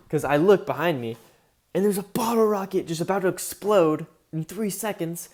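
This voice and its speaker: A man's voice: high-pitched, moderate pace, a little mellow. Rambling young man telling a story. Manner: rambling, heavy on fillers and profanity. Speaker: vlogger. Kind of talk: casual storytelling.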